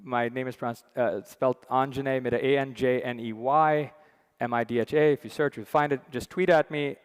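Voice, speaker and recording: A man introducing himself as session chair on a conference stage, relaxed and chatty with many fillers. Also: mid-range voice, fairly quick, clean tone. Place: large conference hall. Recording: long hall reverb.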